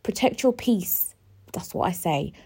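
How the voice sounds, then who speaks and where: A young woman in her twenties, talking alone in a rambling, emotional way, often swearing and sometimes rising close to a shout. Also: mid-range voice, animated, unhurried, husky. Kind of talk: casual solo monologue.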